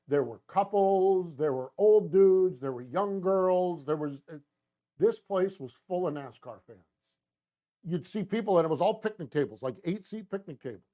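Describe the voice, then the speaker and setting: Excited rambling male show host. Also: a little high. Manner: enthusiastic, rambling, with frequent restarts and lively quoted voices. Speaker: host of a racing talk show. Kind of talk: casual storytelling monologue.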